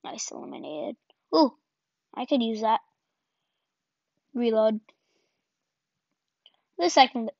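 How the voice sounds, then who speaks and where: A high-pitched woman talks through her game in casual, excitable bursts, laughing at her own mistakes and firing off repeated words. The sound is dull and lo-fi, with a close, dry feel and no room around it. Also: slow, creaky, long pauses, no room sound. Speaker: gaming channel host. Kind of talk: casual gameplay commentary. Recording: dull lo-fi home recording.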